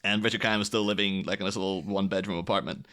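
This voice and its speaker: A man's voice: low-pitched, steady tone, racing, a bit bright. A man co-hosting a podcast, telling a long anecdote in casual chat, full of fillers and acted-out quotes. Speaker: podcast co-host.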